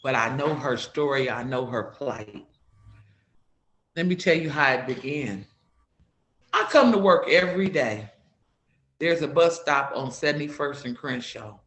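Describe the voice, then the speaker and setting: A woman's voice: extremely low pitch, animated, measured pace, pauses often, a bit bright. A woman guest giving heartfelt personal stories about her community work, retelling conversations with repeated "I said, she said.". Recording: roomy echo.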